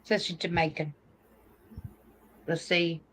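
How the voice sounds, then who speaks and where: A woman's voice: on the low side, flat delivery, a bit bright, a little hiss or hum, low-quality recording. Blunt, opinionated woman co-host. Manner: blunt, opinionated, drawn-out phrasing. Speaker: podcast co-host. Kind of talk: casual political chat.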